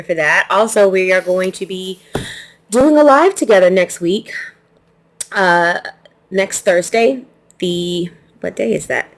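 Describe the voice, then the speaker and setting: A woman hosting her quilting channel, chatting casually through an unboxing, laughing easily and restarting her sentences. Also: lowish voice.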